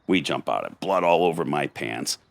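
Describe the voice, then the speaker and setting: A middle-aged man, a podcast guest, telling a rough street story in gritty, blunt talk. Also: a bass voice, lively intonation, normal speed. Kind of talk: storytelling in conversation.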